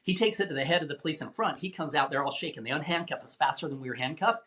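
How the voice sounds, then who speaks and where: Man telling a gripping story, slightly high voice. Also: rapid-fire. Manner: vivid, animated retelling with acted-out quotes. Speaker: guest, anti-trafficking rescuer. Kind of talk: dramatic storytelling in a podcast interview.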